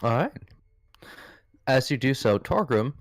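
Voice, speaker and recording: A man's voice: mid-range voice, lively intonation, measured pace, dry recording, studio quality. A man narrating as game master in a loose, filler-heavy way.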